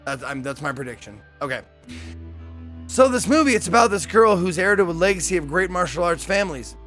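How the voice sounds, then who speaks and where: A man's voice: high voice, lively intonation, brisk, fairly bright tone, faint music behind. A man streaming a game, reading its dialogue aloud and cutting in with joking, swearing reactions. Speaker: gameplay streamer.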